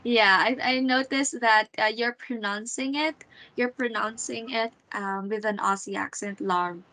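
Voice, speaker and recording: A woman's voice: on the high side, fairly even intonation, unhurried, sharp tone, poor audio. A woman teaching a one-on-one English lesson over a video call, patient and encouraging, with frequent fillers and repeated words.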